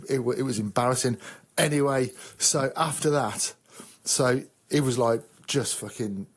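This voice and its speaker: An English army veteran telling a rambling, profane, self-mocking story in casual chat. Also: male voice, medium pitch, husky. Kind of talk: casual sweary anecdote.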